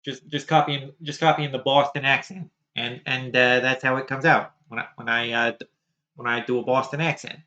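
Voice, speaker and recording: A man streaming a game, chatting casually and haltingly, often repeating his words. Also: mid-range voice, steady tone, lo-fi sound. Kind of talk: casual chat while playing a game. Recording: loud game music behind.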